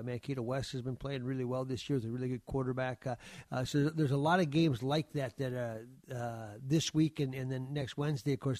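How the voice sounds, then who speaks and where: A man's voice: medium pitch, darkish tone, no echo. A man talking casually on the radio as a sports reporter, easygoing, with many fillers and restarts.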